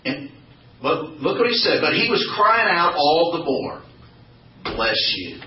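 A man whose voice sits on the high side speaks at normal speed, teaching a small Bible study group in an informal, sermon-like way. He's animated, jokes, and asks the group questions; the roomy, distant, dull recording has a little hiss or hum.

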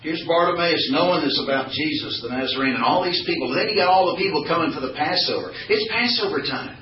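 This fairly high-pitched man talks fast while teaching a small group's Bible study, lively and full of jokes and questions for the listeners. The informal sermon is captured in a dull, distant, roomy recording that carries slight background noise.

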